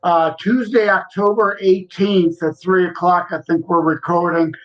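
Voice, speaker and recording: A man's voice: sits high, steady tone, a little slow, dull audio. A man co-hosting a podcast, chatting easygoingly in plain folksy talk. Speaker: podcast co-host. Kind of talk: casual chat.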